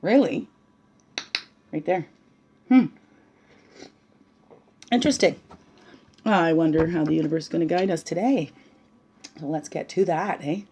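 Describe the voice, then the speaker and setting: A woman giving a casual spiritual talk while reading oracle cards, bubbly and chatty, often tagging on "right?" and slipping into soft, hushed asides. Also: low voice, a little slow, long pauses, slight background noise. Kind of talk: casual spiritual teaching monologue.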